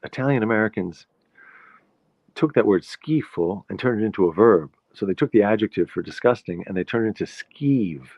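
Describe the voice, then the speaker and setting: A man's voice: fairly low pitch, lively intonation, normal speed, no room sound. A man from the Bronx, hosting a rambling, playful solo monologue full of digressions. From the Bronx, New York. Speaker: podcast host. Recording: dull lo-fi recording, dry.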